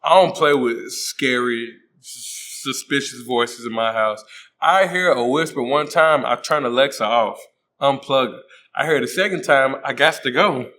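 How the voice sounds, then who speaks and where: A man's voice: medium pitch, measured pace, pushed and bright, a little hiss or hum. A man hosting a comedic movie recap, joking in slang and acting out the characters' voices. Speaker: host.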